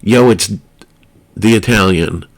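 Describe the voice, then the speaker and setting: A man's voice: lowish voice, a little slow, creaky, a little mellow. A man voicing a crude, swearing wannabe gangster with a New York-ish tough-guy swagger who turns oddly polite. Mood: brash.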